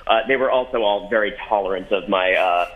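A man's voice: on the low side, a little fast, phone-quality sound. A man being interviewed remotely as a guest, wry and self-deprecating, laughing often. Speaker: guest, journalist.

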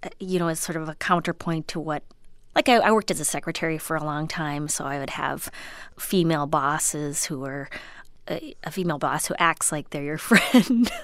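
A woman comedian and voice actor from Minnesota, chatting in an interview, self-deprecating and full of fillers, with a high, childlike voice. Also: normal speed, dry recording. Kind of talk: casual interview chat.

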